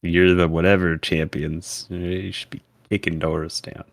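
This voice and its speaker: A man's voice: low voice, little pitch movement, unhurried, no room sound, clean studio sound. A man playing in an online tabletop game, joking and teasing the others and swearing casually. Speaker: player.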